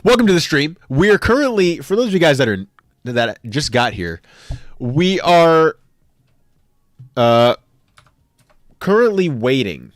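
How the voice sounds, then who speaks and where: Young man, live streamer, lively swooping pitch, jokey banter with chat, dry close sound. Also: measured pace, long pauses, dry recording. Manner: animated, jokey, talks back to chat. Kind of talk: casual live-stream chat and tier list reactions.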